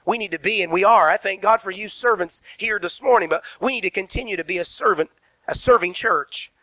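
Bright-voiced preaching pastor. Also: male voice, high-pitched, fairly quick, no room sound, poor audio. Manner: emphatic preaching with rhetorical questions, spells words out. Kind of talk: sermon. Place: church sanctuary.

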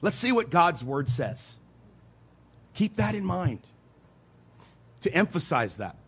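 A pastor preaching a sermon, earnest and emphatic, repeating key points, with quiet asides between louder stresses. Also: male voice, a little high, very animated, slow pace, husky. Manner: earnest preaching, emphatic repetition, occasional soft laughs.

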